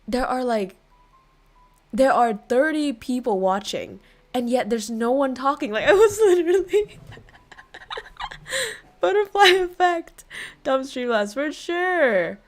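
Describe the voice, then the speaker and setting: High-voiced excitable woman streamer. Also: normal speed. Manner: excitable, swears a lot, laughs often. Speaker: livestreamer. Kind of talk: casual livestream chat.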